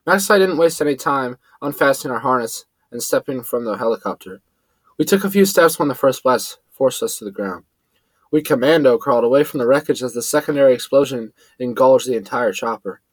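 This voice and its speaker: A man's voice: fairly quick, dry recording, poor audio. A man tells a first-person adventure story in a dry, close-up recording. His voice sits in a middle register and rises when he voices the characters. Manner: lively, shifts pitch up for quoted characters. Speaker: narrator.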